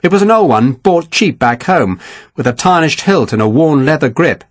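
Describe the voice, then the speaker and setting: Male audiobook narrator, measured, animated intonation, dry close sound. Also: fairly high pitch, no echo. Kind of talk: scripted narration.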